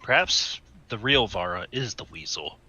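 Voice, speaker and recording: A man's voice: on the low side, animated, moderate pace, pushed and bright, breathy edge. A man playing a tabletop role-playing game, joking with the group. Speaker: player.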